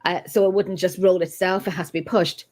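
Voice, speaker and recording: A woman, a paranormal investigator telling a story as a guest in casual conversation, animated and quick to rise in pitch when upset.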